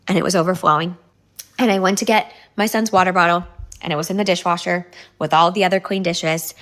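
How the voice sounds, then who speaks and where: A woman's voice: medium pitch, a bit bright. A mother of four speaking earnestly and steadily about her frustrations at home. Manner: earnest, complaining, measured. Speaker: mother of four in an interview clip.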